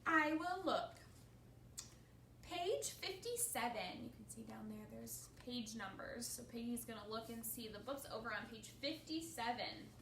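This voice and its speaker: A woman's voice: on the high side, moderate pace, hardly any pauses, a little hiss or hum. A woman librarian reading a picture book aloud at storytime, asking the listeners questions as she goes. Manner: animated, asks listeners questions. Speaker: children's librarian. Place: library children's room. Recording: echoey room, distant mic.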